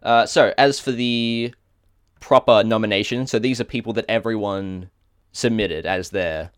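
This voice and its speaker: A podcast co-host with an Australian accent speaks in a lowish voice, a little slowly, on a dry, clean studio recording. Reading out a list on the casual show, he stumbles over hard names and makes small self-corrections.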